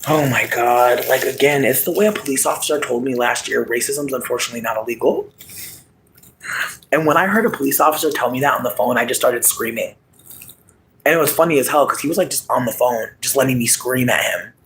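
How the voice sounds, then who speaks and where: A man talks in a loose, rambling monologue, cursing freely and breaking into laughter. His voice sits at a middle pitch and swings from low, muttered asides to sudden loud shouts. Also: quick pace, gravelly, a little hiss or hum, low-quality recording. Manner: animated, swings between murmur and yelling.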